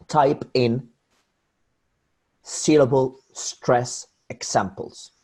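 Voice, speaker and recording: A man teaches English pronunciation in a mid-range, slightly rough and somewhat mellow voice. He repeats example words over and over and frequently restarts his phrases while explaining.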